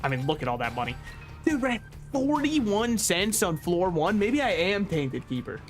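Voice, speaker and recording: A man's voice: sits high, sing-song, moderate pace, soft background music. A man giving casual, sarcastic gameplay commentary as a streamer, mocking himself and swearing freely. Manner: sarcastic, self-mocking banter.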